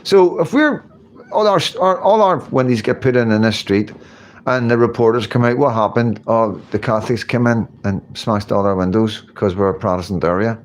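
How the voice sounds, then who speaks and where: A middle-aged man with a Northern Irish accent, hosting a casual livestream chat, rambling, swearing and asking "you know what I mean". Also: medium pitch. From Northern Ireland. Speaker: livestream host.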